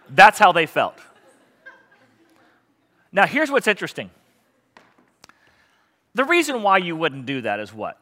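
A male pastor preaching a sermon in a church, animated and joking with the congregation. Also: high voice. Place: church sanctuary.

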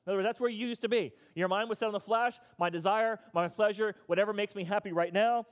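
A man's voice: sits high, fairly even intonation, quick pace. A male pastor giving an interactive sermon, emphatic and repetitive, coaxing his audience to respond. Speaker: pastor leading a recovery group. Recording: echoey hall.

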